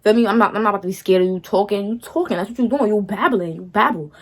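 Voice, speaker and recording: A woman's voice: mid-range voice, fast. A young woman telling a personal story to her viewers in a sassy, slangy, dismissive way, often checking in with "feel me?". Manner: slangy, talks straight to viewers, keeps asking "feel me?". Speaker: storytime vlogger.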